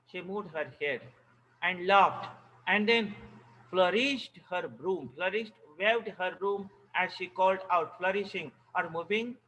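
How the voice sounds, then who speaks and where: Teacher guy, high bright voice, goes slow and repeats words, bit of room hum. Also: low-quality recording. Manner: reads a phrase, then explains words with Hindi glosses; repeats phrases slowly, stressing key words. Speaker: English teacher. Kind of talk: explaining a story line by line.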